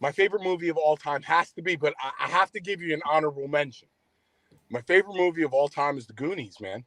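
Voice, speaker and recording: A man's voice: a little high, fast talker, a bit bright, no room sound. A man chatting on a live stream in an eager, emphatic way. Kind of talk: casual group chat on a live stream.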